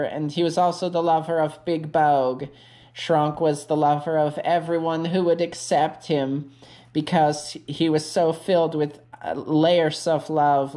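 A woman giving an absurd, crude, deadpan comedic narration that rambles with many fillers. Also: sits low. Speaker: creator of a parody video.

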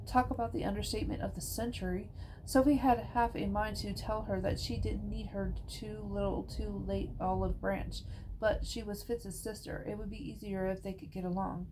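A woman reading a children's novel aloud, telling it in an unhurried, even way. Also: medium pitch, slight background noise, low-quality recording. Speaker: audiobook reader.

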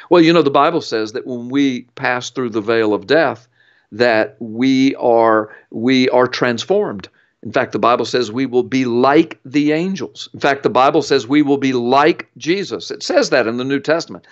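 Earnest man with a dull lo-fi sound. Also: a little high. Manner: earnest, emphatic, preacherly storytelling. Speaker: interview guest. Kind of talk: interview teaching.

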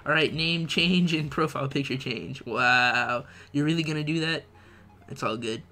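Bright-voiced young man chatting with his stream. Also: fairly high pitch, moderate pace. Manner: slangy, laughs often, reads chat aloud. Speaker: gaming livestreamer. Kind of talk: casual live-stream chat.

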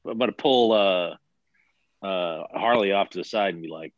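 Male player, low voice, muffled lo-fi mic. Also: moderate pace, no echo. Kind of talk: tabletop game play.

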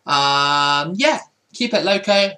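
A man's voice: a little high, animated, takes it slowly, sharp tone. A young man giving casual commentary over a football video game, often frustrated and swearing at it. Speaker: gaming YouTuber.

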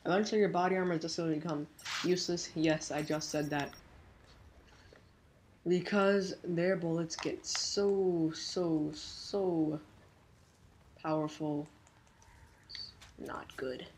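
A woman giving live gameplay commentary, excitable and jumpy, breaking into quick exclamations and goofy minced oaths. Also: lowish voice, a little hiss or hum. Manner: self-censoring, silly minced oaths.

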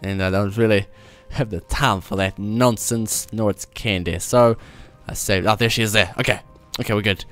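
A man's voice: fairly low pitch, steady tone, moderate pace, hardly any pauses, fairly bright tone. A man hosting a casual let's-play video, chatting and joking to himself as he plays. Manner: chatty, playful, talks to himself while playing. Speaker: gaming video host. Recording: faint game music behind.

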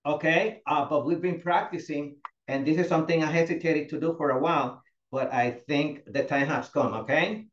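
A man leads a fitness class, counting holds and praising each student by name. His voice sits a little high. The sound is roomy and somewhat muffled, like a video call. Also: fairly even intonation, normal speed, few pauses. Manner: encouraging, calls students by name. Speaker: fitness instructor. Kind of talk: live class instruction. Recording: echoey, dull lo-fi room sound.

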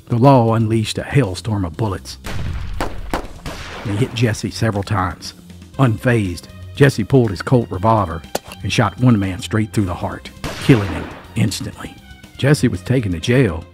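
A man with a fairly low voice narrates a grim tale in a suspenseful, folksy storytelling manner. He punctuates the story with emphatic little asides, and soft music plays faintly underneath. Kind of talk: dramatic scripted narration.

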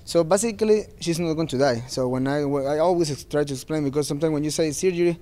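A man's voice: fairly high pitch, fast, dark tone. A man speaking as a fighter at a post-fight press interview, earnest and plain-spoken, with non-native phrasing.

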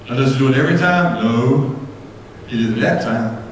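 A man preaching a sermon as pastor, folksy and impassioned, rising to shouts at his peaks. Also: mid-range voice, a little fast, a little hiss or hum. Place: church sanctuary. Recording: echoey church hall from far off.

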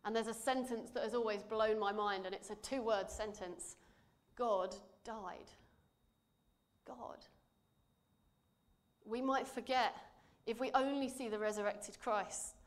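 Her voice is on the high side and steady as she preaches in church and reads scripture. The delivery is earnest and measured, softening downward for emphasis.

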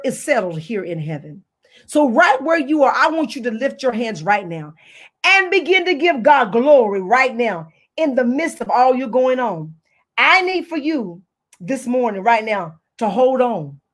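A woman pastor preaching a fervent online sermon full of repeated declarations, tearful and near crying at times. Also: high-pitched. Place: online service, speaking to a screen.

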